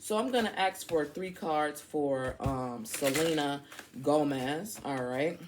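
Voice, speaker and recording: A woman's voice: low-pitched, background noise. A woman giving a casual spoken tarot reading. She is outspoken and slangy, and she talks straight to her listeners. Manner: chatty, addresses listeners directly. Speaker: tarot reader.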